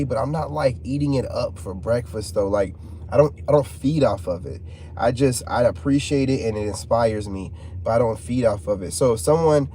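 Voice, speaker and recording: A man's voice: mid-range voice, mellow, slight background noise. A man giving an impassioned vlog monologue, heated and rambling, full of fillers and repeated points. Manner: passionate, heated, repeats himself. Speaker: vlogger.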